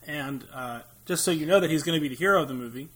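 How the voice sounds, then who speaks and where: A man's voice: a little high, fast talker, a bit bright. A young American man co-hosting a podcast, chatting casually about movies with a rambling, jokey manner and frequent laughs. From United States. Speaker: podcast co-host.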